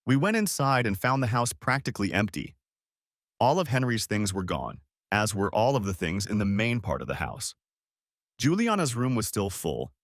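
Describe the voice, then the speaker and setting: Audiobook wife narrator, voiced by a man: gentle, pleading, expressive pitch, dry sound. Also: dry recording. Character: soft-spoken unfaithful wife, middle-aged woman. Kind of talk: audiobook story reading.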